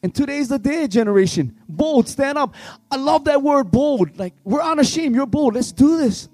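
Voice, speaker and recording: Worship leader, man, high mellow voice, fervent and pleading, dry close sound. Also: expressive, normal speed, no echo, faint music behind. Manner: fervent, pleading, swings between shouting and hushed tones. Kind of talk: impassioned youth revival sermon.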